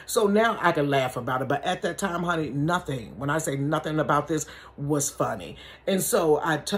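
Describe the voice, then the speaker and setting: A woman telling a family story in a casual storytime vlog from her bedroom, chatty and animated, calling her viewers y'all and honey. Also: low voice.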